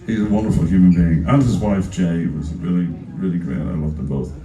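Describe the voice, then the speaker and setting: A man from Ireland, a musician, telling animated anecdotes on stage and acting out the voices of the people in them. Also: sits low, fairly quick. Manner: animated, acts out voices in quotes, laughs often. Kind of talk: casual onstage storytelling. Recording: echoey club from a distance.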